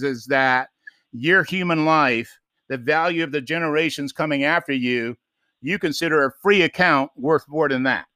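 A man's voice: mid-range voice, pushed and bright, no room sound, studio quality. A man co-hosting a podcast, urging listeners with insistent, repeated commands in a preachy tone. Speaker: podcast co-host.

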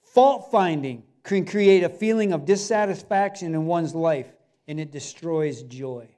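Mellow-voiced man preaching conversationally. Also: fairly high pitch, expressive, a little slow. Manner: conversational preaching with frequent asides and restarts. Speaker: pastor. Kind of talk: sermon.

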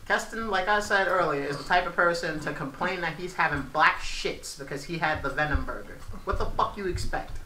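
A man's voice: on the high side, a little fast, few pauses, bright, forceful tone, slight background noise. A man co-hosting a casual podcast, telling crude jokes and rambling stories with a joking manner. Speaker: podcast co-host. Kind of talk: casual banter. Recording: echoey room.

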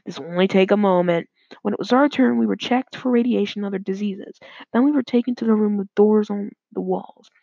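A woman's voice: mid-range voice, steady tone, a little fast, creaky, warm tone, dry recording. A woman narrating her own story aloud in a plain, slightly hesitant reading. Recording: dull lo-fi dry recording.

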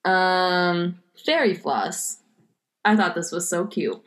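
A woman's voice: lowish voice, slow pace, fairly bright tone. A woman from the United States in casual chat, quizzing a friend on slang and giving example sentences with a teasing manner. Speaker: quiz giver in a word game.

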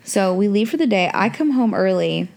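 A woman co-hosting a casual chat, telling a story in an animated way and slowing down for emphasis. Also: medium pitch, vocal fry.

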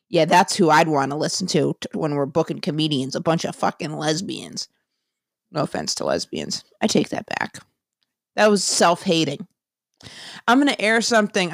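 A woman's voice: fairly low pitch, no echo. A woman podcast host and comedian talking in a casual solo monologue, rambling and jokey, often cutting herself off mid-thought. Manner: rambling, self-interrupting, jokey.

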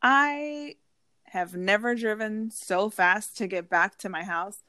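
A woman's voice: mid-range voice, slow pace, bright, forceful tone, no echo. A woman in casual conversation, telling a personal story bluntly with heavy swearing and quoting what people said. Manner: blunt and profane, storytelling with quoted voices. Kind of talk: casual chat.

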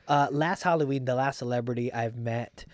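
A man hosting a comedic podcast in casual chat, animated and laughing often as he tells stories and reads news aloud with asides. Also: mid-range voice, normal speed, no echo.

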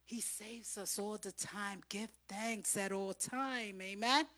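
A woman pastor preaching a sermon in church, swinging from loud, impassioned exhortation to soft, intimate speech. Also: mid-range voice, steady tone, slow.

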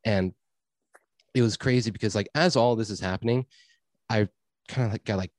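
A man's voice: lowish voice, normal speed, darkish tone, dry recording. A young man telling a rambling story in a casual chat, laid-back, swearing and full of fillers. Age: young adult.

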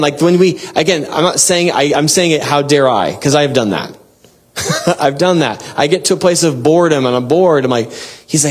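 A man preaching a devotional sermon and reading scripture, earnest and exhorting, with bursts of excitement and soft laughs. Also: on the high side, breathy edge.

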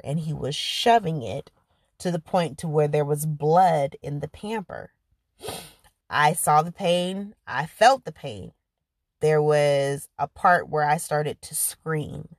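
A woman with a low voice tells a painful personal story in an earnest, conversational manner. She leans on filler words as she works through the memory. The recording is dry and close, with no room sound. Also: a little mellow, no echo. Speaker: podcast host.

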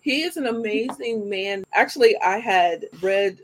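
A woman's voice: mid-range voice, a little slow. A woman hosting a live show, chatting in an upbeat way and talking straight to her audience before asking her guest questions. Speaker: show host. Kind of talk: live show interview chat.

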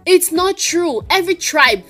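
A woman's voice: extremely high pitch, lively intonation, measured pace, fairly bright tone. A young woman with a Nigerian accent, co-hosting a podcast and chatting in a mix of pidgin and English. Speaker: podcast co-host. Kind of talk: casual chat.

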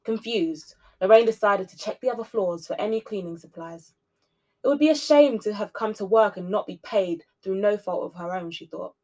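A woman hosting a podcast, narrating a spooky story with expressive shifts between loud and soft delivery. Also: mid-range voice, moderate pace. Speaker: podcast host reading a story.

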